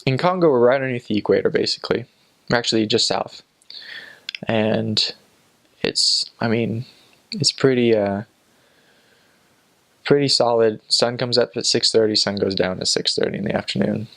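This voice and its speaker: A young man talks in a loose, rambling storytelling style, full of fillers and false starts. His voice has a gravelly, creaky edge at a middling pitch. Now and then he slips into other people's voices to act out a scene. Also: normal speed, pauses often, a bit bright, poor audio. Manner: chatty, full of fillers and restarts, acts out quoted voices. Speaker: returned missionary. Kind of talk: casual storytelling.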